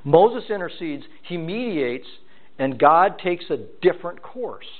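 A man teaching a Bible passage verse by verse, reading aloud and voicing its characters in an animated way, often repeating himself. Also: sits high, a little slow. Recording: tinny phone-like recording.

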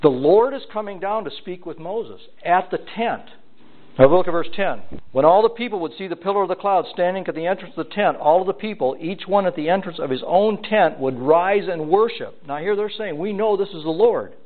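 A man's voice: high voice, fairly quick. A man preaching an expository sermon, reading scripture aloud and then explaining it in plain, conversational terms. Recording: tinny phone-like lo-fi audio.

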